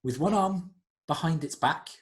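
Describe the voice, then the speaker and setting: A man narrating as game master, describing scenes in an unhurried, descriptive way. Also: a little high.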